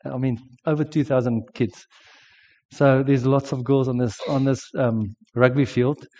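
A South African man quoting a tired, upset teenage schoolgirl in a quiet voice. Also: mid-range voice, steady tone, a little slow, lo-fi sound, lightly acted.

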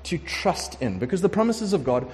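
A man preaching a conversational sermon, emphatic and lively, sometimes acting out prayers. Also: high-pitched, moderate pace, a little hiss or hum. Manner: conversational, emphatic, acts out prayers in shifting voices. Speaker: pastor. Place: warm room with congregation. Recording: long hall reverb.

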